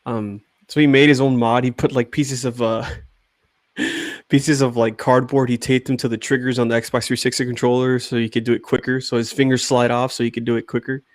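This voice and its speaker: A young man of middle pitch tells stories in easygoing chat with friends. He rambles and breaks into laughter. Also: flat delivery, brisk, no echo, clean studio sound. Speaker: podcast co-host. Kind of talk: casual chat.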